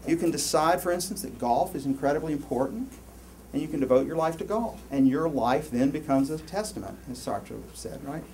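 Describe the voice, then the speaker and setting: A man giving a university lecture, rambling and animated, with many restarts and asides to the class. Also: fairly high pitch, fairly quick, slight background noise. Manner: animated, rambling, lots of self-interruptions. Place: lecture hall.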